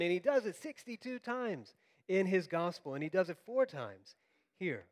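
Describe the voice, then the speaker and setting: A man who grew up in Florida, preaching a sermon as pastor and acting out quotes in an animated storytelling manner. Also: high-pitched, moderate pace.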